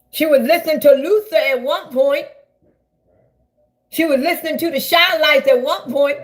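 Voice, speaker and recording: High-voiced woman ranting profanely on a live stream. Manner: loud, profane, rambling, talks straight to viewers. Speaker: livestreamer. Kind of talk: casual live-stream rant.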